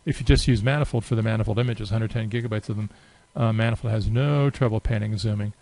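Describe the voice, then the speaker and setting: Man casually narrating a software demo. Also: fairly low pitch, steady tone, low-quality recording. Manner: casual and unhurried, many filler pauses. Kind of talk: unscripted screen-share walkthrough.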